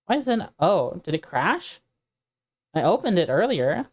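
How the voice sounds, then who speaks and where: A woman's voice: lowish voice, very animated, measured pace. A woman streamer chatting casually while playing, laughing easily and talking to her chat.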